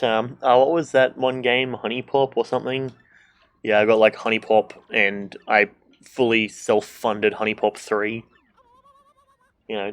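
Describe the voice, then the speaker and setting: A man streaming a game, chatting casually, joking and swearing, and reading the game's dialogue aloud. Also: mid-range voice. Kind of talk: casual gameplay commentary.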